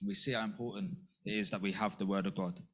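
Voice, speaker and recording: A man preaching a sermon in an earnest way, asking rhetorical questions and jumping up in pitch to act out quotes. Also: steady tone, fast.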